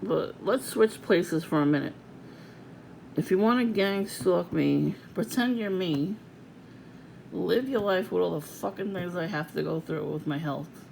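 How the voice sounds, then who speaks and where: A woman ranting angrily to camera, swearing constantly and jumping to shouts and mocking sing-song. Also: fairly low pitch, measured pace, vocal fry, a little hiss or hum, low-quality recording. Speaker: vlogger. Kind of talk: angry profane rant to camera.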